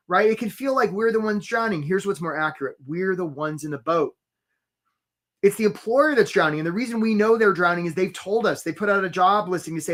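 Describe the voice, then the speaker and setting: A man, a career coach, hosting a live webinar in an energetic, chatty way and calling out attendees by name. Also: high-pitched, normal speed.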